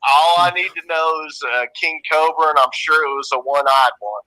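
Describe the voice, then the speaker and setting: A man's voice: on the high side, normal speed, pushed and bright, poor audio. A man with a Southern US accent calling into a live stream, casual and laid-back, laughing often and swearing freely. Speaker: caller. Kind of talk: casual chat.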